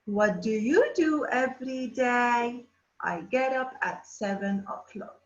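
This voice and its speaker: A woman teaching an English lesson to children, drawing out words slowly and asking the class questions. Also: on the high side, animated. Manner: slow, drawn-out words, addressing children. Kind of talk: distance-learning phonics lesson. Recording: roomy, dull lo-fi sound.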